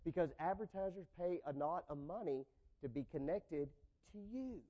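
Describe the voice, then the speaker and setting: Lively preacher man, muffled sound. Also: a little high, normal speed. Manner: preaching with wide swings in loudness, acting out quoted people. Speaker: pastor. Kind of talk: sermon.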